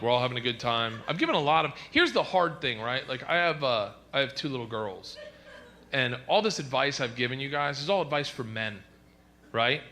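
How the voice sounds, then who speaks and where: A middle-aged man doing a stand-up comedy set, telling stories loudly and acting out quoted lines in shifting voices. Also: a little high. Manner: loud storytelling, acts out quotes in shifting voices. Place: comedy stage before a laughing audience. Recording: live stage mic with audience noise.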